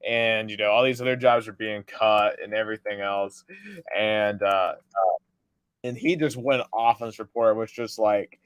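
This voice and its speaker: Relaxed podcast co-host telling a story. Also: male voice, lowish voice, normal speed, clean tone, dry recording. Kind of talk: casual sports chat.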